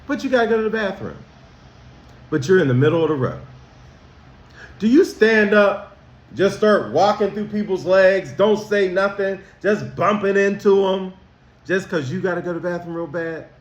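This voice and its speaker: A man, a school counselor talking to students about manners, slow and emphatic, asking them questions. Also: high voice, animated. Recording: roomy echo.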